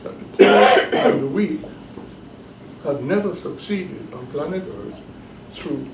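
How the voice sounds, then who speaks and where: A man giving a classroom lecture as the professor leading a course, talking deliberately and emphatically and repeating his key points. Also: fairly high pitch, animated, noisy background. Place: bookstore cafe classroom. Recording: echoey room, mic at a distance.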